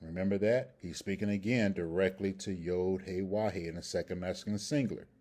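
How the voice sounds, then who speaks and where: A man teaching a scripture language lesson in a deliberate, explanatory way, often checking in with his listeners. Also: sits low, fairly even intonation, a little mellow. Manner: deliberate, explanatory, checks in with "okay?" and "all right?". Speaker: Hebrew grammar teacher.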